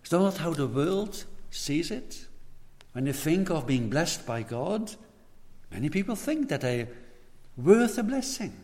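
A man's voice: on the high side, big pitch swings, measured pace, a little mellow. A man preaching a sermon in an earnest tone, repeating words as he presses his points. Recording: hall reverb.

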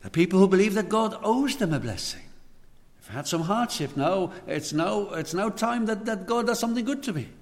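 A man's voice: high voice, animated, normal speed. A man preaching a sermon in an earnest tone, repeating words as he presses his points. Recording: hall reverb.

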